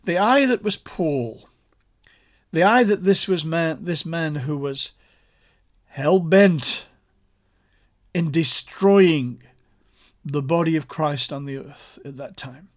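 A male preacher teaching a sermon at an unhurried pace. His voice sits a little high for a man, and he presses his points earnestly through repetition. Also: lively intonation. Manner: earnest, explanatory, emphatic repetition.

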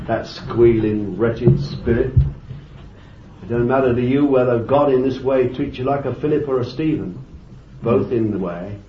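A man preaching a sermon with fervent exclamations of praise and bursts of laughter. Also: medium pitch. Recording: echoey, dull, lo-fi recording with faint noise.

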